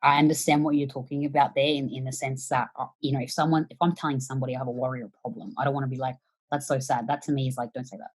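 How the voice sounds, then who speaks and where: A woman guest on a podcast giving casual conversational advice, animated and acting out quoted reactions, swearing now and then. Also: a bass voice, very fast, few pauses, husky, rough recording.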